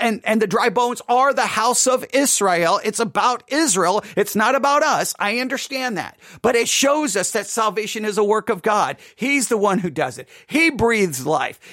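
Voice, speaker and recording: A man's voice: extremely high pitch, fairly bright tone, dry recording, studio quality. A man giving an earnest late night devotional talk as a pastor, repeating and correcting himself as he goes. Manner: earnest, repetitive, self-correcting.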